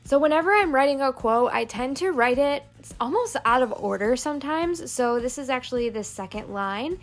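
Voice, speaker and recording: A woman narrating a plan-with-me planner video, calmly explaining each crafting step. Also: high-pitched, moderate pace. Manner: calm step-by-step crafting walkthrough. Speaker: planner vlogger. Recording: soft background music.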